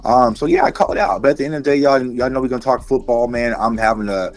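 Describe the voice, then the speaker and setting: A man's voice: medium pitch, fast, faint music behind. A man co-hosting a casual sports podcast, talking steadily and reflectively with many fillers. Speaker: podcast co-host. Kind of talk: casual chat.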